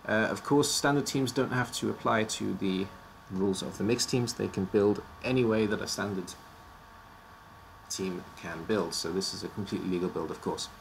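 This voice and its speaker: Man, low gravelly voice, slightly worn out, joking streamer chat, faint background hiss. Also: moderate pace. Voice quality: joking, stumbles over odd names. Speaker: streamer presenting league teams. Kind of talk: casual live-stream commentary.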